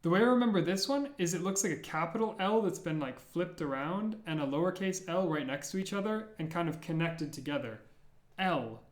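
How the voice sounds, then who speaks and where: A man with a fairly high voice walks beginners through an alphabet, sounding out each letter slowly and saying it again. His voice carries the echo of a bare room. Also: animated. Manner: repeats sounds slowly and clearly. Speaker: language teacher. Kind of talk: slow, careful alphabet lesson.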